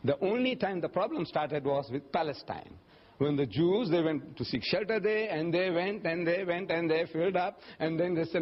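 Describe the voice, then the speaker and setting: Animated older male lecturer, husky voice. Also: normal speed. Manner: animated storytelling, often jumping up in pitch to act out quoted voices. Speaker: religious lecturer answering audience questions. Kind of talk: public lecture Q&A. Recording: dull lo-fi lecture recording.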